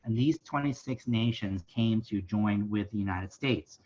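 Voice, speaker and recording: With highs cut off in the audio, a man's fairly low, darkish voice unhurriedly guides a virtual history tour of a library site. He's a museum educator speaking conversationally, often turning to listeners with "right?"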